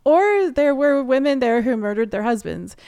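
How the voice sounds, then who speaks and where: Woman, 30s, interview guest; animated, chatty storyteller with a very clean, smooth voice. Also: high-pitched, moderate pace. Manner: chatty, animated, laughs often.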